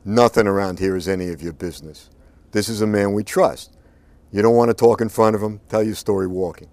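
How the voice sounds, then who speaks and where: A man voicing a cold, calm outlaw who speaks quietly and with contempt in an audiobook. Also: fairly low pitch, fairly quick, no echo, natural voice. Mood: contemptuous. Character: cold, menacing adult male outlaw. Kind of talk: audiobook narration.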